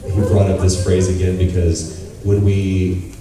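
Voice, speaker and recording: A man in his thirties tells stories to a convention audience, open and animated, swearing and acting out what others said. His voice sits fairly low. The sound is taped from far back in a big, echoing hall. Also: a little slow, a crowd in the background. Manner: animated, candid storyteller who swears and acts out quotes. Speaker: convention panel guest. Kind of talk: audience Q&A storytelling.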